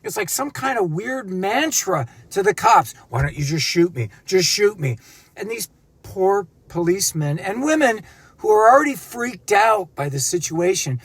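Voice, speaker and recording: A man's voice: high voice, husky, no room sound. A man delivering an indignant, sarcastic rant as a video commentator, swearing often. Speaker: YouTube commentator. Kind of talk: ranting monologue.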